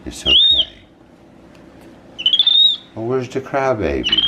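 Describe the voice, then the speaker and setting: A man's voice: fairly low pitch, huge pitch swings, measured pace, very noisy. A man vlogging while bathing his pet monkey, soothing it with cooing baby talk. He narrates casually in a bathroom.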